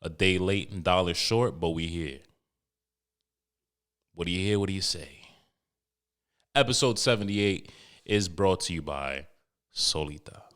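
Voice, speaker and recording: A man with a low voice hosts his own podcast alone. He talks casually and candidly, rambling from joke to confession. He swears freely as he goes. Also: measured pace, pauses often, a bit bright, clear, resonant tone. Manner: candid, profane, rambling and joking. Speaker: podcast host. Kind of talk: casual solo podcast talk.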